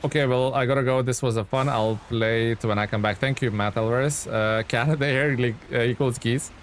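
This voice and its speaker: A man's voice: mid-range voice, steady tone, fairly quick, slight background noise. A young man giving casual, rambling commentary while he streams a game and thanks viewers in chat.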